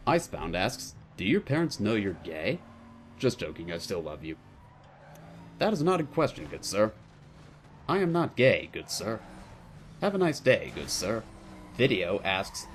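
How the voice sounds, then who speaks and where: A man's voice: on the low side, slight background noise. Wry young man reading viewer questions. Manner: playful, wry, answers with mock formality. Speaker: YouTuber answering viewer questions. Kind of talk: casual Q&A monologue.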